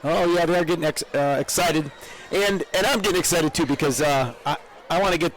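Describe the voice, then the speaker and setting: A man's voice: fairly high pitch, a little fast, poor audio. An older man from upstate New York, co-hosting live parade coverage outdoors, chatty and rambling, with frequent laughs. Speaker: parade co-host.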